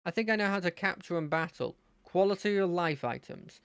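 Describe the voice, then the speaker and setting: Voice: medium pitch, brisk, fairly bright tone, smooth, no echo, studio quality. A game streamer chatting casually and playfully while playing a fangame, thinking aloud. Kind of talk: casual gameplay commentary.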